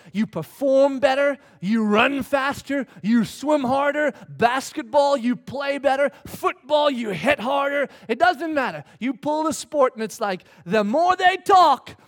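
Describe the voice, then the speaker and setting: A middle-aged man preaching a sermon, telling a story with swings from hushed lines to shouts. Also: very high-pitched, measured pace, few pauses. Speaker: pastor. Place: church hall with congregation.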